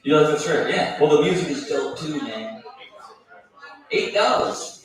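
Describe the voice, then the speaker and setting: A man's voice: a little high, lively intonation, unhurried. A man doing a stand-up set at an open mic, crude and offhand, doing crowd work and mocking his own jokes. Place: bar stage at an open mic. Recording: echoey room, taped from far off.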